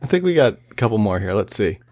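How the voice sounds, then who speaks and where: Easygoing comedy podcast co-host, mid pitch, lively inflection, laughs often. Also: male voice, fast. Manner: easygoing, laughing, plays the calls. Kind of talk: casual comedic chat.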